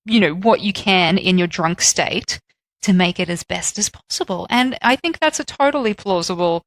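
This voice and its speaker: A woman co-hosting a podcast, chatting and joking in quick banter. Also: on the low side, no room sound. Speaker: podcast co-host. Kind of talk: casual chat.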